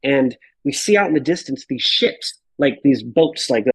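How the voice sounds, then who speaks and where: Animated, swearing man telling a story. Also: medium pitch, moderate pace, husky, dry recording, rough recording. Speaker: podcast guest. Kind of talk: casual storytelling.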